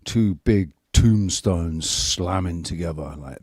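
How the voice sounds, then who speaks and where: A man hosting a stream, chatting casually in sweary, excitable banter. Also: deep voice, very slow, husky, dry recording, clean studio sound. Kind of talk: casual chat.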